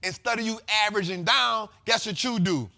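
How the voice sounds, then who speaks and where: A man hosting a casual investing show, explaining market terms in slangy, repetitive, animated talk. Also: sits high, a little fast, vocal fry, a little hiss or hum. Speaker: host.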